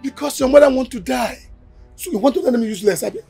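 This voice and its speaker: A high-pitched, blustering shop owner with a Nigerian accent, mocking and threatening his worker. Soft music plays faintly under his voice in this film scene. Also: fast, gravelly, breathy edge, exaggerated voice. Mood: angry. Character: harsh bullying male shop owner, threatening.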